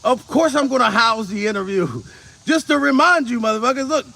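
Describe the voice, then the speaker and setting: A comedian in his forties rants casually to camera in a high, gravelly voice. He rambles, swears freely and breaks into laughter often. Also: fairly quick, bright, forceful tone. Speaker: comedian vlogger.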